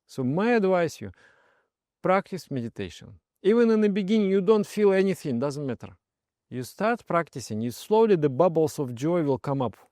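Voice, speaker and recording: Soft-spoken male meditation teacher, dry sound. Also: a little high, big pitch swings, normal speed, dry recording. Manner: soft-spoken, often trails off quietly, laughs while telling stories. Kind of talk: personal story and spiritual advice.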